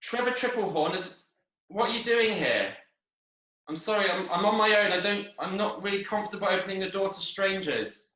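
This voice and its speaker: A fretful teenage boy home alone, his high, bright voice swooping up and down, as a man improvises him. It sounds like it was recorded over a video call in a very echoey room. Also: expressive, fairly quick. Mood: worried. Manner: anxious and fretful. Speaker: improv performer. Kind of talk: live improv comedy.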